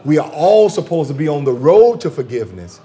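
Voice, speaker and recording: Animated, lively-voiced man talking theology. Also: fairly high pitch, fairly quick, faint music behind. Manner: animated, emphatic, repeats phrases for rhythm. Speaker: guest theologian. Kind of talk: conversational interview.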